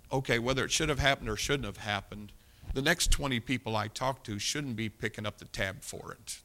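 A male pastor preaches a sermon in a bright, forceful, medium-pitched voice with gravelly fry beneath it. He blends scripture reading with plain, folksy talk directed at his listeners.

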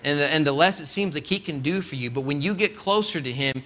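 A man's voice: on the high side, quick pace. A man from California, an assistant pastor, preaching a conversational sermon full of stories and calling out "Amen?" to the congregation. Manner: animated, acts out quoted voices, calls "Amen?" to congregation.

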